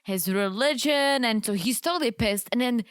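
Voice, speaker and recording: A woman co-hosting a podcast, recapping a reality show in animated, exclaiming casual chat. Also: fairly high pitch, normal speed, no echo, clean studio sound. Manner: animated and exclaiming, laughs often. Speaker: podcast co-host.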